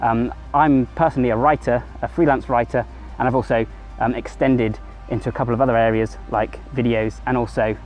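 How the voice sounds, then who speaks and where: A man's voice: mid-range voice, fairly even intonation, fairly quick, a little mellow, faint music behind. A man talking casually to camera in a rambling, conversational way, sometimes correcting himself mid-sentence. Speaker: vlogger. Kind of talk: casual self-help monologue to camera.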